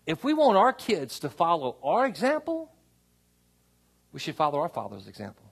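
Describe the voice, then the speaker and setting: Man, pastor, sermon, gravelly husky voice, animated pitch, church sanctuary, asks congregation for amens. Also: moderate pace. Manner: conversational preaching with call-and-response asides.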